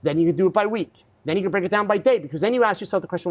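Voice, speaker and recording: A somewhat high-voiced man hosts a live-streamed question-and-answer show. He talks bluntly and lectures his viewers, with lots of ums and restarts. He speaks into a studio mic at his desk. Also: rapid-fire.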